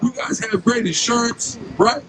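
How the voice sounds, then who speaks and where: A man's voice: very high voice, normal speed, a crowd in the background, low-quality recording. A man preaching outdoors on a city street, questioning passersby and repeatedly asking "right?". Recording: street noise and traffic.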